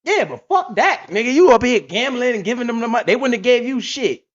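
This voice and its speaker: A man from Connecticut hosting a livestream, talking loudly in animated street slang and swearing often. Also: very high voice, fairly quick. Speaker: livestream host. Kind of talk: casual livestream chat. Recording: lo-fi stream audio.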